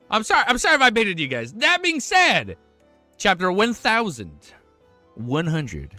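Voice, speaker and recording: With a slightly high voice and no echo, a young streamer banters casually with his chat while reading a web novel aloud. He's excitable and doesn't hold back on swearing.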